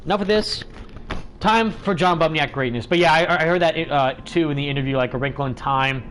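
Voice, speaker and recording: A man's voice: fairly high pitch, brisk, fairly bright tone, a little hiss or hum. A man hosting a gaming livestream, talking in a chatty, rambling way with lots of fillers. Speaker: livestream host.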